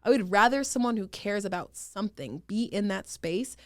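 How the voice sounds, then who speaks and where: A woman's voice: mid-range voice, moderate pace, dry recording. Candid young woman, dry close mic. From Rhode Island, US. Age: young adult. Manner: candid, animated, laughs often. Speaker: guest, state senator. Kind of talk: casual interview answers.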